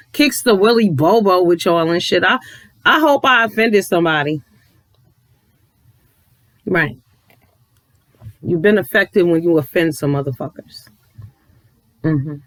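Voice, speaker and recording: Late at night at home, a commentary vlogger who has a child rants to his viewers in an emphatic, preachy way, cursing and repeating himself for effect. His voice is high and a bit bright, with no echo but poor audio quality.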